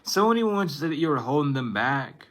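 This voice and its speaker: Man in his twenties, bright and forward, talking loosely to his viewers and breaking off mid-thought. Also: fairly high pitch, big pitch swings, quick pace. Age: 20s. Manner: rambling, self-interrupting, laughs at himself. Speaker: tarot reader. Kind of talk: casual spiritual reading to viewers.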